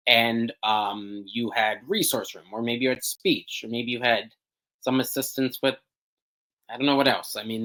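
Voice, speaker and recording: Young male guest, hesitant and halting, mid-pitch voice, lots of ums; casual interview talk. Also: fairly bright tone, poor audio. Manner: hesitant, many ums and restarts, searching for words. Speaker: podcast guest.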